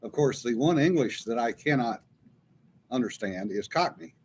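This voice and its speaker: A man's voice: mid-range voice, expressive, moderate pace, crowd noise. A man with a South Louisiana Cajun accent hosting a laid-back casual chat. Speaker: host.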